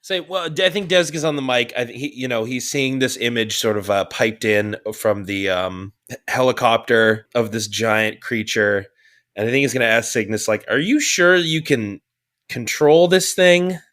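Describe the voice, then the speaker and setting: A man playing a tabletop game, speaking haltingly as he thinks aloud about his character. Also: mid-range voice, steady tone, fairly bright tone. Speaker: player. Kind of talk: casual tabletop play.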